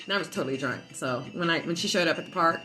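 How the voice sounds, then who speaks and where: A woman at home casually telling a story, profane and animated, often laughing as she talks. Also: low-pitched, quick pace, soft background music, low-quality recording. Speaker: vlogger.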